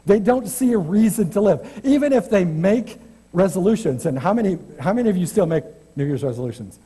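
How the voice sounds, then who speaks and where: A man's voice: high-pitched, lively intonation, a little fast, mellow, breathy edge. A man preaching an informal, chatty church sermon as a guest preacher, self-deprecating and often restarting his sentences. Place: church sanctuary.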